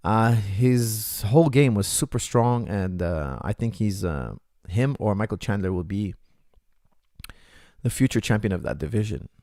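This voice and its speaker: A middle-aged man, a coach, talking casually to viewers and telling stories in an animated way, acting out what others said and using many fillers. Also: on the low side, unhurried, no echo, clean studio sound. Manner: animated storytelling, acts out quotes, many fillers. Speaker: coach answering viewer questions. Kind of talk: casual livestream Q&A.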